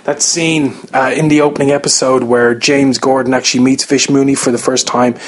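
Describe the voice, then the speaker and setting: A man's voice: mid-range voice, little pitch movement, a little fast. A man casually reviewing a TV episode, rambling with many fillers and restarts as he gives his opinions.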